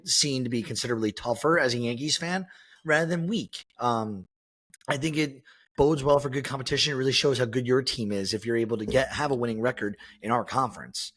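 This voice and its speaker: A podcast co-host chats casually about sports, rambling along with plenty of fillers and restarts. He's a man with a medium-pitched, fairly bright voice.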